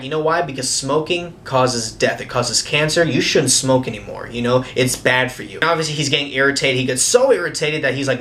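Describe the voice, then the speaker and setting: A man's voice: medium pitch, brisk, few pauses. A man giving a casual, comedic movie review, retelling the plot with sarcastic asides and a lot of "like". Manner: sarcastic, lively retelling, frequent "like".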